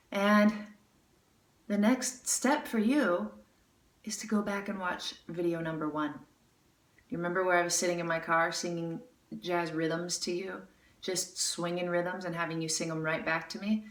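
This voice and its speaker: A woman teaching jazz singing, chatty and encouraging, breaking into scat syllables to demonstrate. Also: lowish voice. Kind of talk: music lesson critique. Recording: roomy, a bit far from mic, with music.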